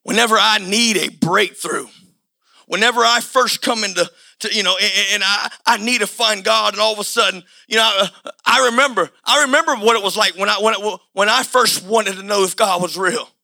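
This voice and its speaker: A male preacher delivering a sermon in loose, everyday speech, circling back over his phrases and often building to a shout. His voice is high and sharply bright. A gravelly edge runs through it. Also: a little fast. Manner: impassioned, colloquial, repetitive, often shouting.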